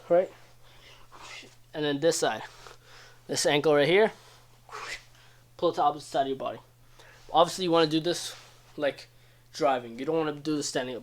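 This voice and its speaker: A young man casually teaching wrestling moves, loose and chatty, often checking in with "right?". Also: fairly high pitch. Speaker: wrestling coach. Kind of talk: casual instructional video.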